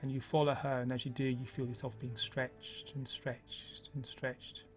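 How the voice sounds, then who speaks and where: A man narrating a tabletop game as game master, in a slow, hushed storytelling manner. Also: mid-range voice, little pitch movement, faint music behind.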